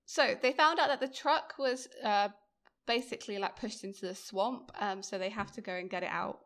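A woman's voice: medium pitch, moderate pace, fairly bright tone. A woman co-hosting a podcast, chatting casually about a TV episode, laughing often. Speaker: podcast co-host. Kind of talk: casual chat recapping a TV episode.

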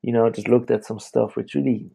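A young man talking on his own podcast late at night from home, with a gravelly, dark-toned voice. He rambles from thought to thought in a loose, chatty way and laughs between sentences. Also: medium pitch, fairly even intonation, brisk. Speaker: podcast host. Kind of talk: casual late-night monologue.

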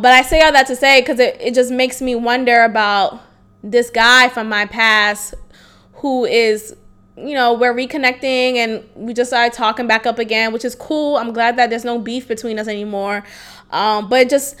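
High, bright-voiced woman in her twenties. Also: clean tone. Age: 20s. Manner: frank and casual, swearing freely and breaking into laughter. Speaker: podcast host. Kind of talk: candid solo podcast storytelling.

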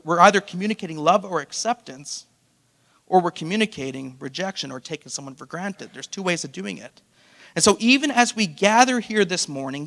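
A male pastor with a high voice preaches a sermon, pressing his listeners with one rhetorical question after another. He breaks in with playful asides to the congregation, and his voice rings out with a long reverb in a church hall. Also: creaky, fairly bright tone.

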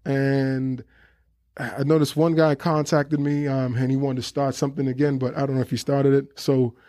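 A man's voice: medium pitch, flat delivery, normal speed, mellow. A man hosting a casual podcast, easygoing and encouraging as he chats with his guests. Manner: easygoing, encouraging, chatty with restarts. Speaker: podcast host.

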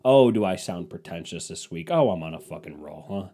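A man's voice: low voice, expressive, normal speed, warm tone. Rambling, crude young comic man. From Cleveland, Ohio. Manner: rambling, self-mocking, crude. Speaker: podcast host. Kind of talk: comedic monologue.

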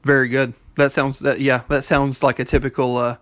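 A man with a Kentucky accent hosting a casual interview, easygoing and quick to laugh. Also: medium pitch, flat delivery, a bit bright, no echo. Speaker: host.

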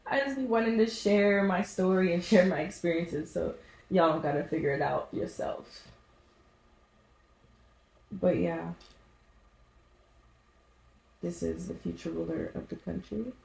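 Gravelly low-voiced woman hosting a podcast. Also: normal speed, echoey room, rough recording. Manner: animated storytelling, acts out voices in anecdotes. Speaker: podcast host. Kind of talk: casual solo podcast monologue.

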